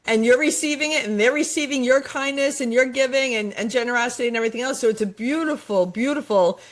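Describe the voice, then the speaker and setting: A woman's voice: fairly high pitch, fast talker. A middle-aged woman life coach talking in a podcast conversation, enthusiastic and motivational, repeating phrases for emphasis.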